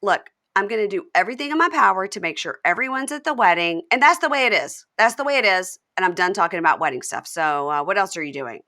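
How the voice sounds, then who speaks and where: A woman putting on the voice of a calm, defensive fiancé who talks in a flat, placating way. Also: medium pitch, quick pace, few pauses.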